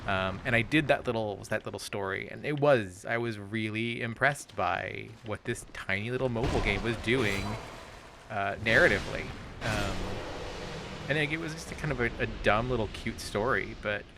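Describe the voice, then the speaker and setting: A man with a lowish voice rambles in casual chat, piling up fillers and false starts and swearing without thinking about it. There is a steady background noise in the recording, and he keeps talking while he plays a game. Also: normal speed, gravelly.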